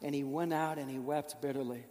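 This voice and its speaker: A man's voice: a little high, fairly even intonation, fairly quick, a little mellow, long reverb tail. A man preaching a sermon, telling a story earnestly and building with emotion through rhetorical questions.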